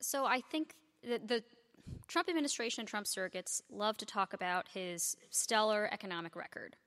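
A woman's voice: mid-range voice, moderate pace, a bit bright. A woman columnist speaking on a live panel in a sardonic, emphatic way. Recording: reverberant hall.

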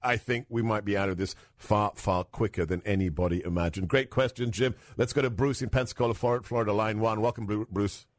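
A man's voice: on the low side, fairly even intonation, a little fast, few pauses, no room sound, clean studio sound. A man hosting a call-in radio talk show, speaking confidently and emphatically, repeating phrases for stress.

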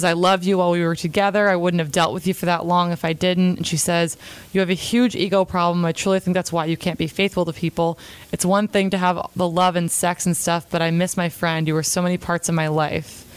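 A woman's voice: on the low side, smooth, no room sound. A young woman casually recapping a reality episode in a chatty, opinionated way, quoting the cast as she goes. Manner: chatty, opinionated, retells scenes with quotes.

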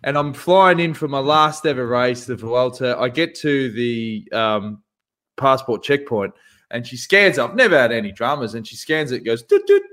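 A man co-hosting a relaxed podcast chat. He tells stories with animated energy and acts out the other people's voices in them. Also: mid-range voice, normal speed. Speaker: podcast co-host. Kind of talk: casual storytelling chat.

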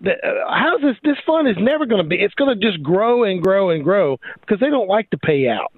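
Animated male radio co-host, phone-like sound. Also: high voice, a little fast, no room sound. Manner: animated, laughs often. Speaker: legal expert co-host. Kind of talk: talk radio discussion.

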